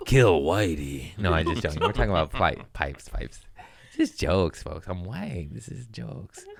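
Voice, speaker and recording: A man's voice: sits low, big pitch swings, normal speed, gravelly, slight background noise. A man hosting a comedy podcast, telling profane stories in a rambling, joking way and slipping into silly voices. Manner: profane, jokey, bursts into silly put-on voices. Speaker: comedian host.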